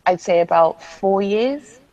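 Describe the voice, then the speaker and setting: A woman's voice: medium pitch, slow pace, mellow. A young woman from the UK asking a question in a group call, polite and a little hesitant. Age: young adult. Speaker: caller. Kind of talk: casual group discussion. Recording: dull lo-fi call audio.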